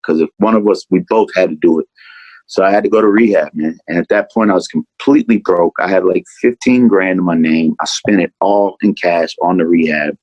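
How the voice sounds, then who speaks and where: A man talks through a candid interview in a lowish voice. He rambles, swears easily, and keeps tossing in "man" and "you know." The recording is dry, with almost no room around it. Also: brisk, darkish tone, no room sound, highs cut off. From Atlanta, USA. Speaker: rapper, interview guest.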